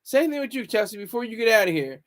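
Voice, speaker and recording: A man's voice: high-pitched, big pitch swings, fast. A man hosting a casual livestream, rambling and talking back to viewer comments. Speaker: livestream host.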